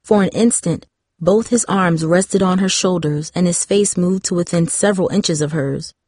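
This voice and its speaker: A woman with a fairly low voice reads a novel aloud in a measured, even way. The recording is close and dry, with no room sound. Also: no room sound. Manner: measured reading, doing light voices for the characters. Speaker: audiobook narrator. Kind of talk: scripted narration of a novel.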